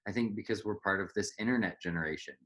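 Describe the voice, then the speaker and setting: A man hosting a podcast in a casual conversation, reflective, often slipping into high-pitched quoted voices. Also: fast talker, a bit bright. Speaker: podcast host.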